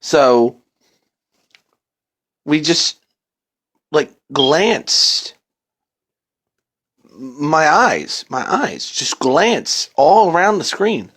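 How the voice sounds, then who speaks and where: Slow-talking male horror storyteller. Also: on the high side, sing-song, fairly bright tone. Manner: casual and profane, drawn-out and dramatic. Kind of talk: first-person creepypasta narration.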